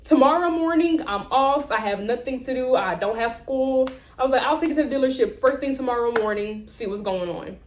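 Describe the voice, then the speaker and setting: Animated young woman telling a story. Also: high voice, roomy sound. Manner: animated, acts out both sides of conversations. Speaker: vlogger. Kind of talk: storytelling rant.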